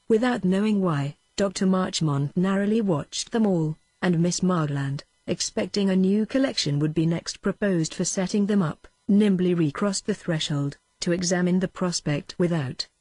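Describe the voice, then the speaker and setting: A text-to-speech woman's voice with a British English accent, reading a novel aloud in an even, mechanical way and sometimes speaking punctuation marks. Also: lowish voice, no room sound. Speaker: audiobook narrator. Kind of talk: synthetic audiobook reading.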